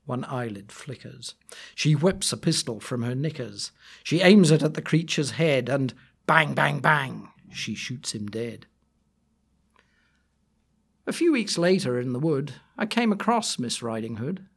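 A man reading a rhyming story aloud, slow and expressive. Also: mid-range voice, vocal fry, breathy edge. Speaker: reader.

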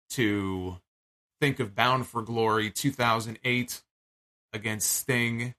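A man with a bright, forceful voice talks through a wrestling match in a loose, unscripted recap. He is animated and incredulous, swears freely, and stumbles over restarts and fillers as he goes. His pitch sits in an ordinary middle range. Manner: animated, profane, incredulous storytelling. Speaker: wrestling show reviewer. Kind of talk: casual spoken recap.

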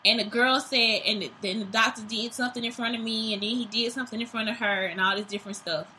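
A woman's voice: on the high side, steady tone, fast, sharp tone, a little hiss or hum. A young adult woman hosting her own show, delivering a heated, profane, accusatory rant. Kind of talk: profane ranting monologue.

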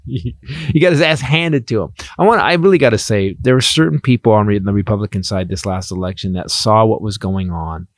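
A man's voice: fairly low pitch, fairly quick, few pauses, no echo, studio quality. A man hosting a comedy podcast, chatting casually and with a lot of swearing, acting out what other people said. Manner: profane, animated, acts out quotes. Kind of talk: casual political podcast chat.

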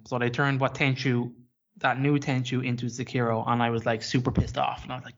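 A man's voice: mid-range voice, little pitch movement, a little fast. A man co-hosting a podcast in a casual, rambling chat that is peppered with swearing. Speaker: podcast co-host. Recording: dull lo-fi podcast audio.

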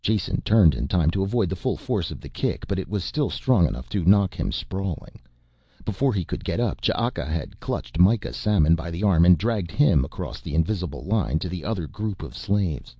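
A man narrating a novel as an audiobook, in a measured storytelling manner. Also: low voice, expressive, warm tone, husky, no echo, highs cut off. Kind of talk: scripted narration.

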